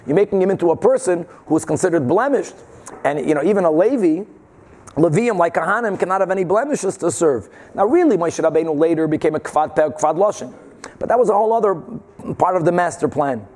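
A man teaching a Talmud class, explaining the Gemara with animated rhetorical questions and Hebrew and Yiddish terms. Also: high-pitched. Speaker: Torah teacher.

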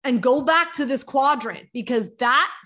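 An energetic young woman teaches on her podcast, coaching listeners through business questions. Her voice sits a little high, and she keeps asking rhetorical questions as she pushes her points home. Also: measured pace.

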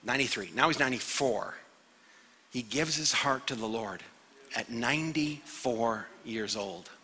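Brief: a male guest preacher with a bright, husky voice, delivering an animated sermon in a reverberant church hall. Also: medium pitch, measured pace. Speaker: guest pastor. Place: church sanctuary.

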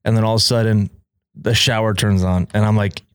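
A young man telling a story in a casual chat, animated and laughing often as he acts out quoted lines. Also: fairly low pitch, brisk, clear, resonant tone, no echo, studio quality. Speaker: podcast guest telling a story.

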